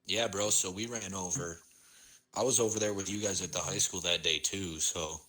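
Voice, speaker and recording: A man's voice: low voice, steady tone, normal speed, pushed and bright, poor audio. A young man with a Midwestern American accent, co-hosting a podcast in casual, rambling chat and laughing often. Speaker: podcast co-host.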